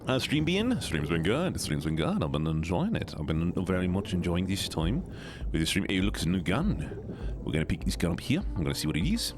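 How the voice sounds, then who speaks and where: A man's voice: low-pitched, huge pitch swings, fairly quick, over music. A man with a stuffed-up nose, casually chatting with his viewers while playing a game. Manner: talks to chat while playing, chatty and playful. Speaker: streamer. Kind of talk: casual gaming stream chat.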